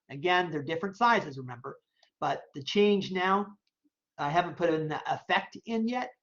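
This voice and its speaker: A professor talking through a software demo on a screen recording, casually thinking aloud while checking each option and repeating phrases. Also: medium pitch. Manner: casual, chatty explaining with verbal tics. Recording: dull lo-fi recording.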